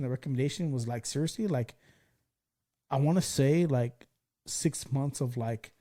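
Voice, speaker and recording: A man in his thirties hosting a podcast, telling a story in casual chat, animated, laughing and swearing freely. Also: mid-range voice, normal speed. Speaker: podcast host.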